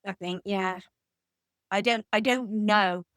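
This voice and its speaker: An English woman in her fifties, a guest author in an interview, telling lively anecdotes. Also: mid-range voice, takes it slowly, no echo. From England. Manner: animated anecdotal storytelling. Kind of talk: conversational interview.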